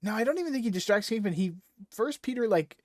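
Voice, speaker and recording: A man's voice: sits high, expressive, fast, dry recording, studio quality. A rambling, profane male podcaster. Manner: rambling, profane, filler-heavy storytelling. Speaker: podcast co-host. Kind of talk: casual chat recapping a comic. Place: podcast recording setup. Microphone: podcast microphone.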